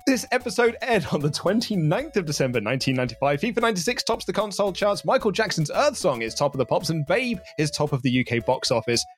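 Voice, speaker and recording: A man's voice: fairly high pitch, sing-song, fast, few pauses. A man co-hosting a podcast, chatting casually and rambling with playful asides. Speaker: podcast co-host.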